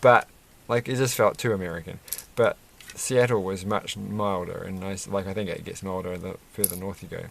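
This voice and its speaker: A man's voice: sits low, fairly even intonation, moderate pace, creaky, few pauses, a little hiss or hum. A man chatting casually and rambling as he builds a Lego set at his desk, with lots of fillers and restarts. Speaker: Lego reviewer. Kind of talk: casual chat while building.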